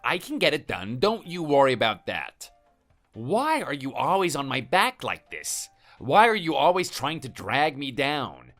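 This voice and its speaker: A computer voice voicing a hot-tempered husband who is dismissive and menacing. The pitch swings very widely, and faint music plays behind the voice. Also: male voice, very animated, a little slow, fairly bright tone. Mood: angry, dismissive. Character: hot-tempered threatening husband, adult man. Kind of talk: text-to-speech story voice.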